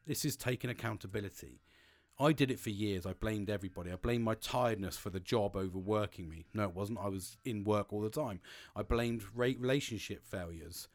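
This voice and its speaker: A man's voice: lowish voice, a little fast. A British man talking in a frank, rambling casual monologue, swearing freely as a podcast host.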